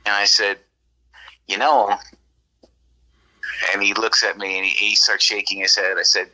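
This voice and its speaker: Casting: man from California, lower-pitched but very bright and forceful, rambling anecdote with acted-out quotes. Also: a little slow, low-quality recording. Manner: rambling, animated, acts out quoted dialogue. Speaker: guest telling an encounter story. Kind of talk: casual storytelling on a podcast.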